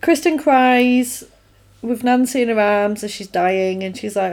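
A woman's voice: medium pitch, steady tone, normal speed, creaky, darkish tone. A woman casually recapping a film on a podcast, acting out lines in silly voices and laughing often. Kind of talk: casual chat.

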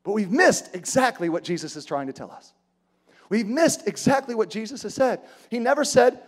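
A man preaching a sermon in church, animated, acting out quoted voices and building to emphatic peaks. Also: high voice, normal speed. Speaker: pastor.

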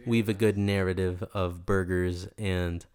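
A young man, a guest, telling a story in a soft, unhurried and thoughtful way. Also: low-pitched, level tone, clean tone. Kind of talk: reflective storytelling in conversation.

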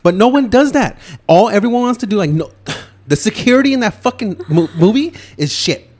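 A man hosting a podcast, ranting loudly and swearing nonstop as he reviews a movie. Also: high voice, expressive. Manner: loud, swearing, rapid ranting. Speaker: podcast host. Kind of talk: profane movie-review rant.

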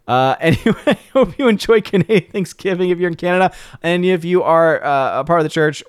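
A man hosting a livestream, signing off casually, thanking viewers and reading supporter names with lively upward lifts. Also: mid-range voice, clean tone, no room sound, studio quality. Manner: jokey, playfully mangles words. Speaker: livestream host. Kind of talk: casual stream sign-off and shout-outs.

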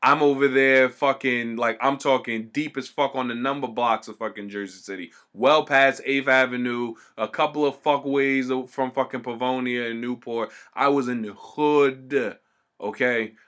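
Bright-voiced, profane New man. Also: mid-range voice, normal speed. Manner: animated, swears constantly, acts out quoted people. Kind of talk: casual profane storytelling.

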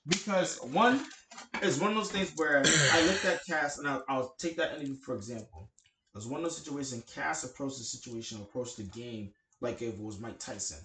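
A man co-hosting a podcast in casual chat, hype and quick to agree. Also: mid-range voice, reverberant, noisy background. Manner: lively, hype, agreeing loudly. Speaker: podcast co-host.

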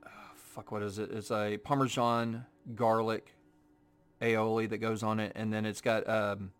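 A man's voice: fairly low pitch, flat delivery, unhurried, clean tone. A man in a casual chat, eagerly explaining how a dish is made and cutting in on others. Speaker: podcast co-host, restaurant worker.

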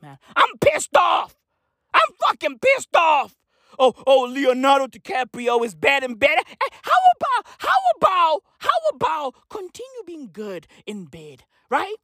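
A comedian delivering a manic, profane rant that swings between shouting and muttering. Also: sits high, big pitch swings, unhurried, no room sound, clean studio sound.

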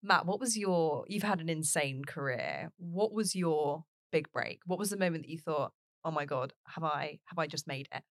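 An interviewer with a mid-range voice asks relaxed questions and keeps the talk going with encouragement. The sound is dry and close to the mic. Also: mid-range voice, moderate pace, hardly any pauses, no echo. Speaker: podcast interviewer.

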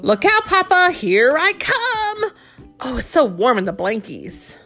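Excitable storybook chick boy, squeaky high, bouncy and pleading, played by a woman. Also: a little slow, soft background music, full character voice. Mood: cheeky.

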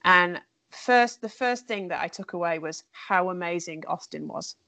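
Woman, french teacher, chatty and enthusiastic, lowish voice, dry close sound. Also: normal speed, creaky, sharp tone, no room sound. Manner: chatty, enthusiastic, many fillers and restarts. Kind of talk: casual conversation.

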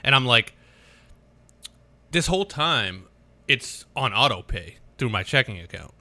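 A man's voice: medium pitch, very animated, unhurried, sharp tone. A man co-hosting a podcast, telling a story in casual chat with exasperated swearing. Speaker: podcast co-host.

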